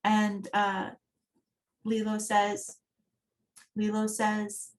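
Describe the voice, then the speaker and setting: A woman's voice: mid-range voice, fairly even intonation, a little slow, a little hiss or hum. A woman giving an accessibility talk at a design meetup, speaking in a conversational, storytelling manner. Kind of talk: conference talk.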